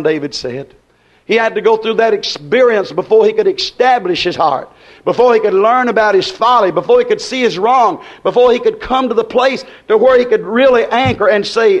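A man preaching a sermon, swinging between loud rising lines and low quiet ones and repeating his phrases. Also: normal speed, highs cut off. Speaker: pastor.

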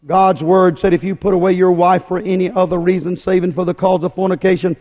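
A man delivers a fiery sermon in a high, ringing voice. He drives each point home with emphatic repetition. His words ring out with a long reverb through a church hall. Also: flat delivery, fairly quick, few pauses, a little mellow, lo-fi sound. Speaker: preacher.

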